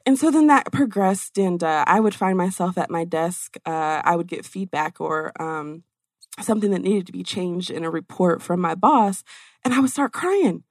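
Middle-aged woman, casual storytelling, animated, dry close sound. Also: fairly low pitch, moderate pace, dry recording. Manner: animated, acts out quoted exchanges with frequent "like". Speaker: guest telling her story.

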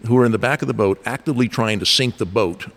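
Middle-aged guy, lowish voice, leadership coach telling stories, acts out the quotes. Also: fast talker, fairly bright tone. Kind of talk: conversational explaining with stories.

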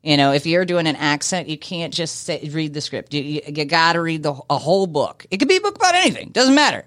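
A woman's voice: deep voice, very animated, fast talker, fairly bright tone, no echo. A woman, a business owner and actor, chatting as a guest in a radio studio, rambling and laughing with the odd swear word. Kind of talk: casual radio interview chat.

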